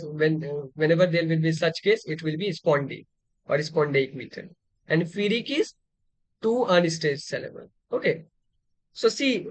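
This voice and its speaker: A man's voice: high-pitched, no room sound. A man teaching a literature lecture, explaining terms step by step with frequent fillers and restarts. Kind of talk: exam-prep lecture.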